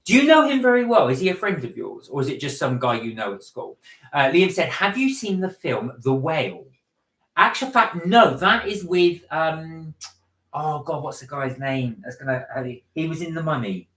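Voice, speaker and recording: A man's voice: a little high, expressive, moderate pace, fairly bright tone, roomy sound, rough recording. A man co-hosting a casual livestream, chatting and reading out viewer comments. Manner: chatty, reads out comments and answers them.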